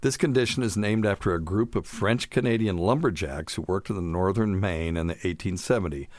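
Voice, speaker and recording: A man's voice: sits low, fairly quick, a little mellow, dry recording. A middle-aged man hosting a medical podcast, chatting in a jokey, rambling way. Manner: chatty, jokey, wanders off topic. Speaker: podcast host, doctor. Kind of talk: casual chat.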